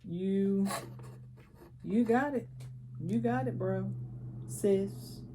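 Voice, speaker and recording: A young woman gives a relaxed, chatty tarot reading with a mellow, warm tone. She coaches the listener directly and drops in slang as she goes. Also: medium pitch, drawn-out words, a little hiss or hum. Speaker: tarot reader.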